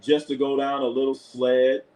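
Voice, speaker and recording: Guy doing live sports talk on his stream, blunt, swears a lot, laughs a bunch, mid-pitched voice. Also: normal speed. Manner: animated, laughing, blunt and profane. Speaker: sports show host. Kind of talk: live sports commentary and chat.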